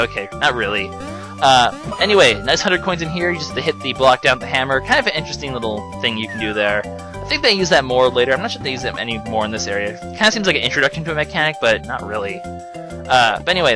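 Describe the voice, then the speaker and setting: Sarcastic young man over game music. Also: medium pitch. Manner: sarcastic, mocking, joking asides. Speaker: let's play commentator. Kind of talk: casual gameplay commentary.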